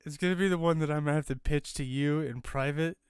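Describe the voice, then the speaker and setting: A man's voice: on the high side, quick pace, smooth, no room sound, clean studio sound. A man co-hosting a podcast over a video call, chatting casually, tired and mumbling, swearing and laughing at his own ideas. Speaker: podcast co-host. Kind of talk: casual chat.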